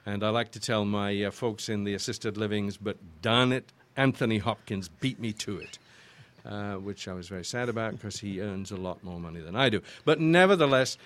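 An older man with an English accent, chatting as an interview guest. His voice sits fairly low and he rambles warmly through long stories, often restarting his sentences. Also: moderate pace. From Yorkshire, northern England. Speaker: guest voice actor. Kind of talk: casual interview chat.

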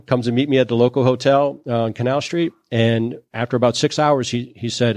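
A man from Louisiana recounts his story as an interview guest. He talks loosely and anecdotally, sprinkling in fillers. His voice sits at a middling pitch and sounds close and dry, with no room around it. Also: fairly even intonation, fairly quick, hardly any pauses, a little mellow, no room sound. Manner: chatty anecdotal telling with frequent "you know" and "um". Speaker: guest, solar entrepreneur.

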